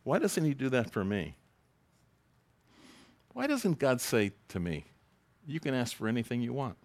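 A man's voice: medium pitch, very animated, a little slow, a little mellow. A man preaching a sermon in a conversational, joking way, reading scripture aloud to a congregation. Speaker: pastor.

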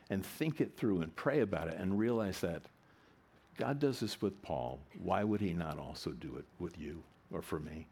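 A male preacher with a husky, somewhat low voice. His pitch rises and falls widely as he delivers an animated sermon, moving between loud, emphatic lines and quiet, low ones.

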